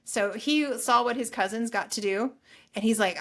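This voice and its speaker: A middle-aged woman telling her story as a podcast guest, chatty and animated, acting out quoted lines. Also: a little high, normal speed. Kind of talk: casual storytelling interview.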